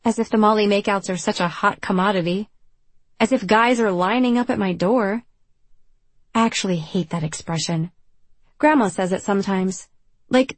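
A young woman narrating a first-person audiobook in a wry, confessional, self-deprecating way, with a husky voice. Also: mid-range voice, no echo.

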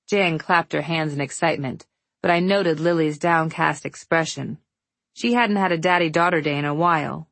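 A woman's voice: low-pitched, fairly even intonation, normal speed, creaky, dry recording. A woman narrating a novel in the first person, with a wry, affectionate storytelling manner. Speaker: audiobook narrator.

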